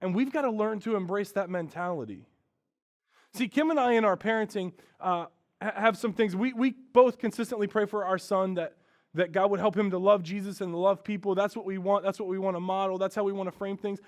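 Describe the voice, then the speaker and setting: Speaking quickly, a male pastor whose voice is high and light delivers a sermon in a sincere, frank way. His volume drops to near-whispers before rising again, loud and lively.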